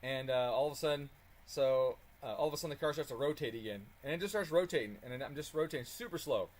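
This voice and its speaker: A man telling a story in a casual, animated way while working on a car, swearing freely and chuckling as he talks. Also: mid-range voice, fast talker. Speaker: car tuning channel host.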